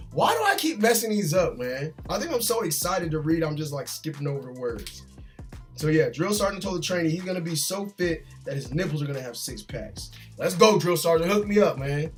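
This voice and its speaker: A man's voice: a little high, sing-song, fairly quick, soft background music. A man who is an army drill sergeant, vlogging from his gaming chair at home in a loose, chatty way. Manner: loose and chatty, often tags "man" and "bro". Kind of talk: casual reaction vlog.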